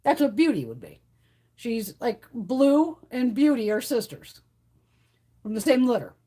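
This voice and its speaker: A woman's voice: fairly high pitch, sing-song, a little slow, warm tone, husky. A woman hosting a live stream from home, chatting casually, swearing freely and laughing often. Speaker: livestream host. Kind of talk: casual chat.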